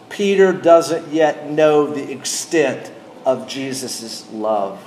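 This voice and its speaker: A middle-aged man preaching a sermon as pastor, speaking deliberately and asking his congregation questions. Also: medium pitch, darkish tone, echoey room, slight background noise.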